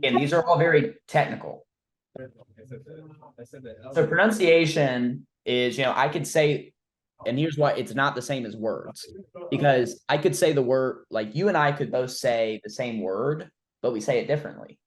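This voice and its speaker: A man leading a sales training session, quizzing his trainee and demonstrating changes of pace and loudness as he teaches. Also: mid-range voice, normal speed, reverberant, rough recording. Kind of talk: coaching session on voice tonality.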